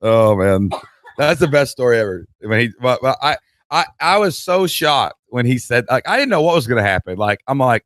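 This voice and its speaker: With a mid-range voice at normal speed, a man co-hosting a podcast shares a story in casual conversation, animatedly acting out its people and laughing midway. The recording is dry with clean studio sound.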